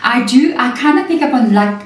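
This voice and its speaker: A woman's voice: fairly high pitch, expressive, brisk. A woman giving a chatty tarot reading, often checking in with "okay" and "you know what I mean.". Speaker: tarot reader. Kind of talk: casual spiritual reading. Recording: echoey room, mic at a distance.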